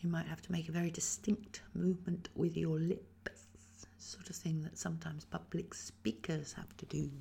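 A woman who is a voice teacher, calmly guiding a voice exercise and demonstrating the sounds herself. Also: low-pitched, normal speed, gravelly, hardly any pauses, whispered. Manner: calm, instructive, demonstrates sounds. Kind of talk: guided voice exercise.

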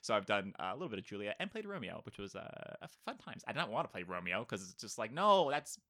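A man co-hosting a casual movie podcast, animated and quick to laugh, sometimes reading from notes. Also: fairly low pitch. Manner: animated, laughs often, reads notes aloud. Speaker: podcast co-host.

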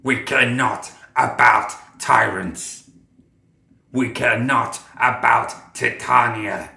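A gravelly fishman creature. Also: mid-range voice, fairly even intonation, sharp tone, echoey room, exaggerated voice. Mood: dismissive. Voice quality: gravelly, bubbling. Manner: slow, halting, broken speech. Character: hostile fishman creature leader, male, slimy, vengeful. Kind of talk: audiobook character voice.

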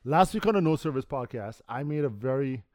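A man's voice: mid-range voice, expressive, a little fast, a little mellow. A Canadian man co-hosting a podcast, provocative and argumentative, who repeats his points in casual chat. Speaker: podcast co-host.

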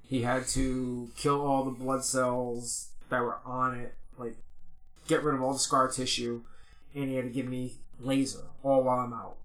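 A man's voice: mid-range voice, flat delivery, normal speed, a bit bright. A young man who is a podcast guest, chatting casually and rambling with lots of "like" and restarts. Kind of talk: casual chat.

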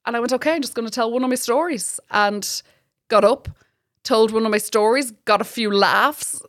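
A woman in her thirties with an Irish accent, a stand-up comic chatting as a guest, telling lively stories with frequent laughs and swearing. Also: on the high side, normal speed, dry recording, clean studio sound. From Ireland. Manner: lively storyteller, laughs often, swears freely. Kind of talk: casual chat.

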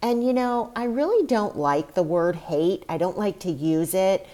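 A woman's voice: medium pitch, animated, a little slow, warm tone. A woman hosting her own podcast, talking on her own in a candid, chatty, emotional way. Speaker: podcast host. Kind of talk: solo podcast monologue.

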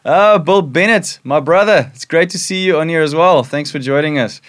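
A man's voice: on the high side, normal speed, a bit bright. Upbeat South African man hosting. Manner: upbeat, friendly. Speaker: host of an online church broadcast. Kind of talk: livestream hosting.

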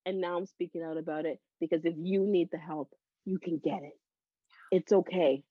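A woman's voice: lowish voice, normal speed, breathy edge, dry recording. Candid woman telling her story, laughing. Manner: animated and heartfelt, laughs often between phrases. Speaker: podcast guest, psychotherapist. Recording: dull, slightly lo-fi dry audio.

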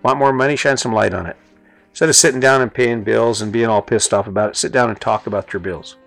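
A man's voice: fairly low pitch, quick pace, gravelly, fairly bright tone, no room sound, faint music behind. A middle-aged man giving a motivational talk as host, earnest and conversational, repeating phrases for emphasis.

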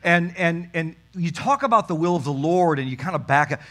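Brief: male pastor, slightly high voice, emphatic sermon delivery aimed right at the congregation. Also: animated, brisk, fairly bright tone. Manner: emphatic, talks straight to the congregation.

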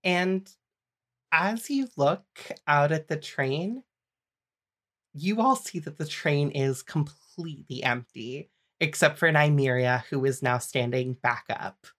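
Low, unhurried woman game master. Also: fairly bright tone. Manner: patient, explanatory, measured. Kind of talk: narrating a tabletop game.

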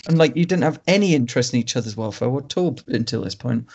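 A man's voice: mid-range voice, lively intonation, fast talker, creaky, darkish tone, husky. Wry man reviewing films, muffled. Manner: wry, rambling, laughs at bad films. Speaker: podcast co-host. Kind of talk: casual film review chat. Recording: dull lo-fi sound.

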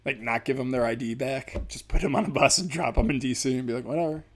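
A man's voice: mid-range voice, quick pace. Profane, rambling man ranting. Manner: profane, rambling, darkly sarcastic. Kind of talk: casual comedic rant.

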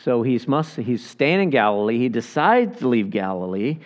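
A man's voice: mid-range voice, sing-song, normal speed. A male pastor teaching a sermon in a conversational, folksy way, often acting out the people in the story. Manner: conversational, folksy Bible teaching with restarts and quoted voices.

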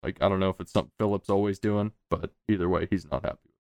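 A man's voice: sits low, fast talker, darkish tone, dry recording. A man narrating a tabletop game as game master, in a casual, rambling way with lots of fillers.

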